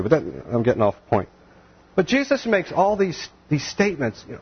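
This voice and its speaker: A man teaching the Bible verse by verse, animated and acting out the voices of the people in the story. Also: fairly high pitch, a little fast, husky, lo-fi sound. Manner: animated, acts out voices of biblical figures.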